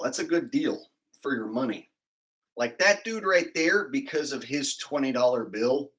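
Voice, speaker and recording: Slow-talking man joking on a livestream. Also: mid-range voice, sharp tone, low-quality recording. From California. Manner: rambling, crude joking. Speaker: livestream host reading donations. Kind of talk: casual livestream banter.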